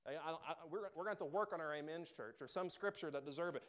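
A man preaching a sermon to a church, emphatic and emotional, rising to loud pleas and dropping to soft, quiet lines. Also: on the high side, quick pace, hardly any pauses. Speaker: pastor. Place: church sanctuary.

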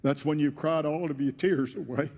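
A pastor preaching a sermon, retelling a scripture story in first person and swelling to loud, emotional peaks. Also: male voice, fairly high pitch, steady tone, moderate pace. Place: church sanctuary. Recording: church hall with long reverb.

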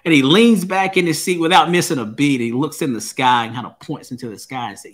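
A man's voice: a little high, brisk, few pauses, fairly bright tone. A man who is a guest and author, telling a personal story in an interview in an earnest way and often repeating words as he starts a thought.

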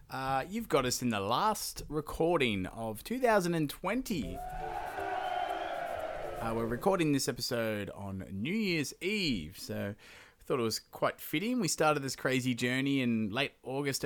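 A man's voice: mid-range voice, a bit bright, a little hiss or hum. A male podcast host casually retelling an old legend on his own, chatty and irreverent, with plenty of filler "uh"s. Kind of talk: casual solo storytelling.

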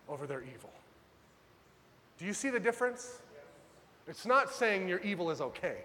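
A man preaching a sermon as pastor, dramatic, swinging from loud urgent pleas to hushed low lines. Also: long reverb tail, slight background noise.

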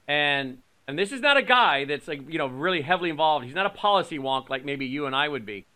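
A male host with a fairly high, bright, forceful voice tells a story to his guest. He talks loosely and chattily, with plenty of fillers. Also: animated, fast talker. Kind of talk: conversational interviewing.

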